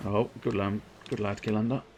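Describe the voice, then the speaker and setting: A man giving excitable, self-mocking running commentary on his own gameplay while streaming, sometimes turned away from his microphone. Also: fairly low pitch, normal speed, slight background noise. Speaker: livestreamer. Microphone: desk microphone, sometimes turned away.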